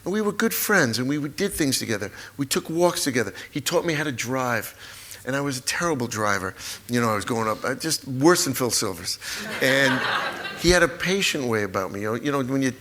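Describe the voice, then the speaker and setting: A man in his sixties, a guest author in a live stage conversation, telling family stories with lively acted-out moments. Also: medium pitch, a little fast, a little hiss or hum. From United States. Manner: animated storyteller, acts out family scenes. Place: auditorium stage before an audience.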